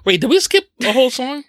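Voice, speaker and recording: A man co-hosting a casual music podcast, animated, laughing often and swearing freely. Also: very high voice, no room sound, studio quality. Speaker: podcast co-host.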